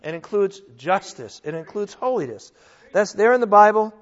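Guy preaching, pretty high voice, lots of rhetorical questions, dull sound in a big echoey hall. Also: animated, normal speed. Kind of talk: sermon.

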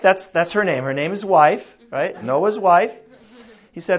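High-voiced older preacher, folksy and chatty. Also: male voice, animated, measured pace. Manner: conversational, folksy, with rhetorical questions. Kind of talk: sermon. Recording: dull lo-fi recording.

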